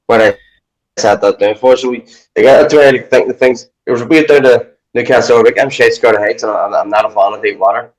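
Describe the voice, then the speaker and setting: Sweary ex-boxer telling gym stories. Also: male voice, medium pitch, steady tone, moderate pace, poor audio. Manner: rambling, swears a lot, acts out his own inner talk. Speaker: podcast guest, ex-boxer and strength coach. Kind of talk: casual chat.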